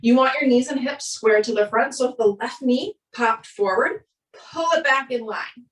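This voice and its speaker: Minnesotan lady teaching yoga, calm steady cues, kinda high voice, sounds far from the mic. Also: moderate pace. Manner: calm, steady breath-paced cueing. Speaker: yoga instructor. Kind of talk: guided yoga class cues. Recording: roomy echo, voice from a distance.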